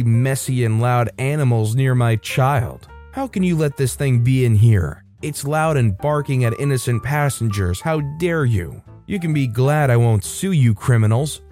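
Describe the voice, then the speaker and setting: A man voicing a shrill, entitled woman on a bus in a scolding tirade, over faint music. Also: mellow, lightly acted.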